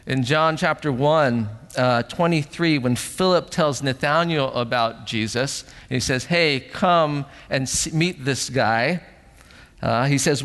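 A middle-aged man preaching a sermon as pastor in a church sanctuary, animated, acting out voices and asking rhetorical questions. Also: on the high side. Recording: long hall reverb.

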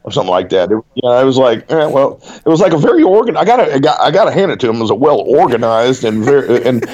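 A man's voice: medium pitch, fast. A man rambling, Southern, lo-fi. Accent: Southern American. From American South. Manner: animated, rambling, frequent restarts. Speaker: writer, podcast co-host. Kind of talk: casual conversation.

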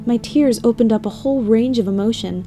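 A woman's voice: a little high, a little fast. A woman narrating a scripted first-person story with an emotional, dramatic delivery. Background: music bed.

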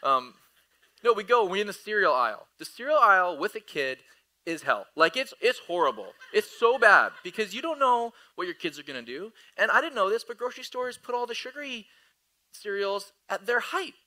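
A man in his thirties delivers a sermon in a bright, slightly high voice. He slips into animated, laughing storytelling about his family. His tone stays conversational and playful. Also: moderate pace, poor audio. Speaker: pastor.

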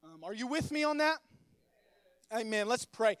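High-voiced young preacher. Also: male voice, very animated, moderate pace, a bit bright, dry recording. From Texas. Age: 20s. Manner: stammering, repeats words, friendly and joking. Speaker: youth pastor. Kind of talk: sermon with casual storytelling. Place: church. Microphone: stage microphone.

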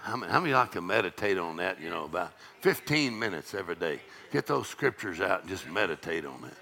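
A middle-aged man preaching a charismatic sermon, breaking into loud shouts and rhythmic laughter. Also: low-pitched, big pitch swings, fast, vocal fry.

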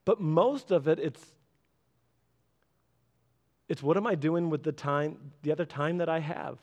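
A man in his thirties preaching a sermon, animated and acting out little voices as he speaks. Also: a little slow. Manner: animated, acts out voices with big pitch jumps. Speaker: pastor.

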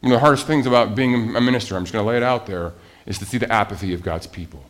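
A man preaching a sermon as a pastor, animated, with rhetorical questions and swings from loud emphasis to quiet asides. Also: fairly low pitch, racing.

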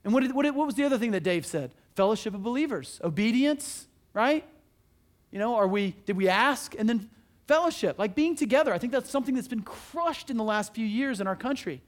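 A man's voice: very high-pitched, lively intonation, fairly quick. A man preaching a sermon as pastor, earnest and conversational, asking his listeners questions and restarting his sentences often.

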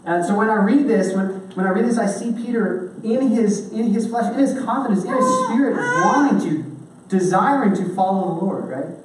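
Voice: mid-range voice, big pitch swings, normal speed, heavy background noise. A preacher giving a casual, conversational sermon, often checking in with the listeners by asking "okay?". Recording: echoey hall, from a distance.

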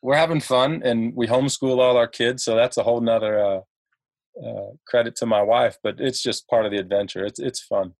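A man's voice: mid-range voice, fairly even intonation, fairly quick, a little mellow, no room sound. A man from Ohio, a podcast guest telling stories in a chatty way, laughing often and restarting his sentences. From Ohio, United States. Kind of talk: casual storytelling.

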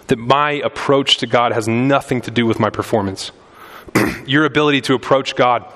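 A young man preaching in a church, talking to the congregation in a conversational way and rising in intensity on his key points. His voice sits at an ordinary middle pitch. It carries a long reverb from the hall. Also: a bit bright. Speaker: pastor. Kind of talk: sermon.

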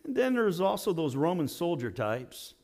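A male pastor delivering a sermon to his congregation and podcast listeners. His voice sits notably high for a man, and he preaches with rhetorical questions and dramatic emphasis. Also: big pitch swings, normal speed, darkish tone.

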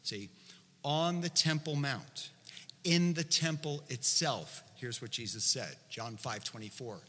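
A man's voice: medium pitch, measured pace, pushed and bright. A male preacher giving a sermon, conversational and explanatory, full of asides to the congregation, recorded with long hall reverb.

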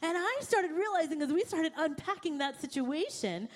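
Young woman pastor, high voice, animated storytelling sermon, acts out her own quotes. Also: normal speed.

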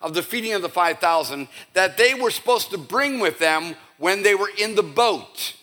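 A male pastor giving a conversational, animated sermon with casual asides to his church. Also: sits high, moderate pace. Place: church sanctuary.

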